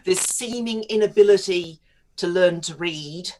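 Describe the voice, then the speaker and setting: A woman's voice: lowish voice, a little slow, darkish tone. A middle-aged woman, a writer interviewed on talk radio, telling stories in a chatty way with frequent laughs. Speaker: guest writer.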